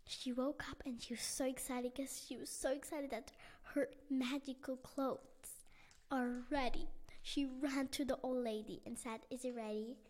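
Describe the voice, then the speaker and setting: A woman narrating a bedtime story in simple, halting sentences with restarts. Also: high-pitched, fairly even intonation, darkish tone. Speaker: podcast storyteller.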